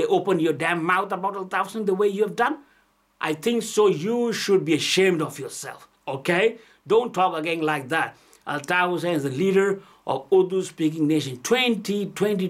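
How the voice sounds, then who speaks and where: A man delivering an aggressive, scolding political rant, repeating his points. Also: high-pitched. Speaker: political commentator.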